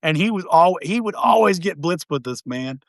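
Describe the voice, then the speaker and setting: A man telling jokes and service stories in a casual live-video chat, quick and chatty. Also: high-pitched, lively intonation, no echo, studio quality. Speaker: military veteran guest.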